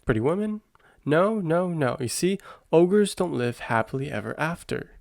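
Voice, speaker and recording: A man voicing a bossy, scheming female fairy godmother in a whispered role-play, with a brisk, condescending manner. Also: fairly high pitch, expressive, gravelly, darkish tone, dry recording, studio quality, pitched above the performer's own voice. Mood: smug.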